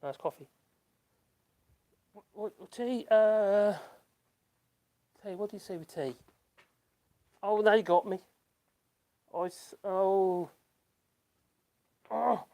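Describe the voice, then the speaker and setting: A man's voice: high voice, takes it slowly, gravelly, long pauses, a little mellow. A man chats through a casual live stream from his home, reading viewer comments as they come in. He rambles along in a self-deprecating way, laughs at himself often and keeps stopping to restart his sentences. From United Kingdom. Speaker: YouTube channel host. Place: at home in rural France.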